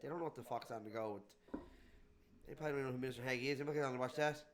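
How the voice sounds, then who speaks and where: A man's voice: medium pitch, rapid-fire, a little hiss or hum. A man hosting a podcast, chatting casually and bluntly, swearing and mimicking officials. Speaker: podcast host. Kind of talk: casual chat.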